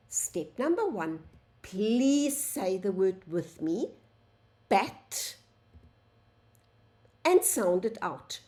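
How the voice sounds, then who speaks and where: Slow sing-song woman teaching phonics. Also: mid-range voice, sing-song, darkish tone. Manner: slow, sing-song, sounds out letters, addresses "boys and girls". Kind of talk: phonics lesson for young children.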